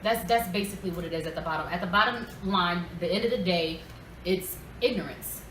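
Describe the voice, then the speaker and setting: A woman, co-hosting a casual group chat, emphatic and animated. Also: fairly low pitch, brisk. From New York. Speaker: podcast co-host. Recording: echoey room, mic at a distance, faint hiss.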